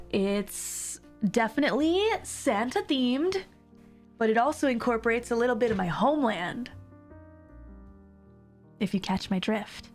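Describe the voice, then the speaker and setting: A young woman chatting on a casual livestream at her desk mic, rambling from one thing to the next with plenty of laughs. Her voice sits at a middling pitch with a gravelly, fry-tinged edge, and a mild sore throat roughens it a little. Faint music plays underneath. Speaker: streamer.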